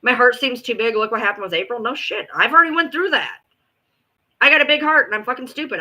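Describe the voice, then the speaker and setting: A woman chatting casually to her online viewers, blunt and swearing freely, with sudden swings into loud exasperation. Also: high-pitched, big pitch swings, fast, husky, poor audio. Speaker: online commentator. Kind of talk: casual livestream chat.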